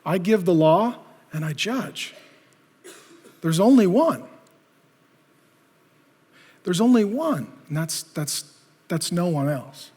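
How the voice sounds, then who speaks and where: Brief: preacher doing a quiet, measured Jesus with firm authority, big reverberant hall. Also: male voice, sits high, very animated, husky, exaggerated voice. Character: calm authoritative man as Jesus.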